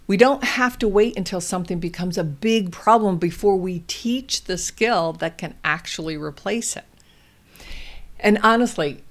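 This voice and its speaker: Slow, deliberate woman parenting host. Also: lowish voice. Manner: calm, deliberate and coaching. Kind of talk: instructional parenting talk.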